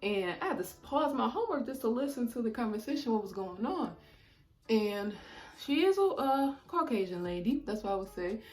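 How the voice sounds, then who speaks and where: A woman in her twenties chatting casually while doing her makeup, talkative and animated, often saying "mind you". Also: fairly high pitch, normal speed, faint music behind. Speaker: beauty vlogger.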